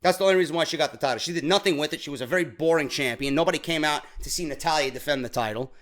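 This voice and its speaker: A man's voice: fairly high pitch, racing, a bit bright. A man hosting a wrestling show, ranting bluntly and with exasperation about the matches he dislikes. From New York. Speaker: wrestling podcast host. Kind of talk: opinionated wrestling commentary.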